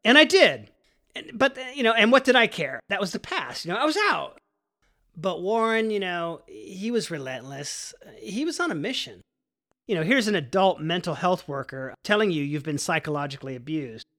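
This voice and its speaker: A man's voice: high-pitched, very animated, moderate pace, pushed and bright. A man telling a personal story in a casual, profane way, full of likes and you-knows.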